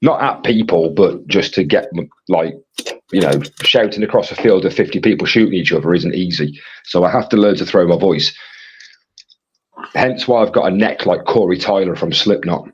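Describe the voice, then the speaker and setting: A man with a husky, fairly low voice reads out chat comments in a rambling, casual way as co-host of a live stream. The sound is dull and lo-fi. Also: moderate pace.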